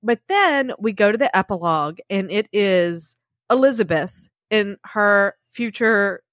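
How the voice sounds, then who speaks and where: Woman, casual book chat, emotional and gushing, dry close sound, everyday pitch. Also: expressive, unhurried, a bit bright, no room sound. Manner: emotional, gushing, addresses listeners as y'all. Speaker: podcast co-host.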